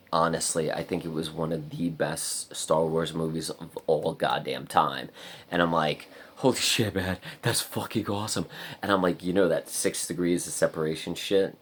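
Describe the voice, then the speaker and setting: A man telling a story in a casual vlog, rambling with lots of "like" and frequent swearing. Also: extremely low pitch. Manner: rambling, heavy use of "like" and swearing. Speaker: vlogger.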